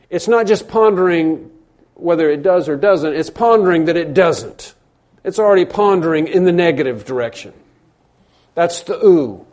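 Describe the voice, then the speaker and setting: Guy preaching, leans hard on words then goes quiet, warm voice. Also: mid-range voice. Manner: emphatic, repeats phrases, swings between loud stresses and quiet drops. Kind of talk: sermon.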